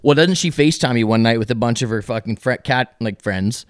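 A man's voice: medium pitch, a little fast, no room sound, studio quality. A young adult man from Alberta, Canada, a podcast guest telling a profane, ranting story in casual talk. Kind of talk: casual storytelling with heavy swearing.

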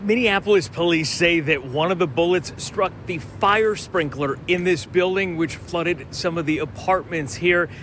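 A man reading a local TV news report in a measured, formal delivery. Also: fairly high pitch, fairly bright tone, slight background noise.

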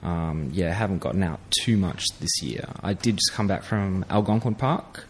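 A man's voice: low voice, normal speed, a little hiss or hum. A man telling a long fishing story in casual chat, laid-back and laughing through it. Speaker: guest angler.

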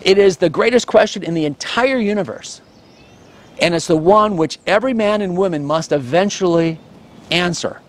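A man's voice: high-pitched, normal speed. A middle-aged male pastor preaching a sermon, stressing key words and adding light asides.

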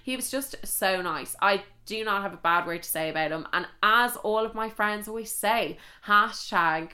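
A young woman with an Irish accent telling a personal story in a chatty, animated way, full of fillers and swearing. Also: mid-range voice, moderate pace. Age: young adult. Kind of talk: casual storytime vlog.

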